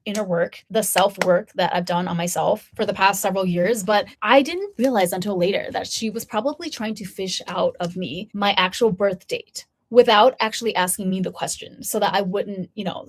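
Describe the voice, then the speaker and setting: A woman's voice: medium pitch, normal speed, hardly any pauses. Chatty woman in her thirties. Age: 30s. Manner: chatty, lots of "like", acts out quoted voices. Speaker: vlogger. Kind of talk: casual storytelling to viewers.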